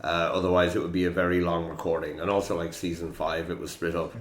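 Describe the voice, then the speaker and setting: A man's voice: deep voice, level tone, fast talker, echoey room, a little hiss or hum. A man with an Irish accent hosting a quiz podcast in a chatty, joking, self-deprecating way. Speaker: quiz host. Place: room in Prague.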